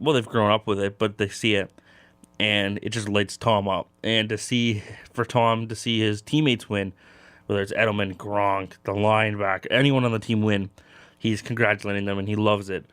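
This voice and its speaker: A man's voice: on the low side, fairly bright tone, smooth, no room sound. A young man hosting a casual sports talk show, rambling with lots of fillers. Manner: loose and rambling, many fillers.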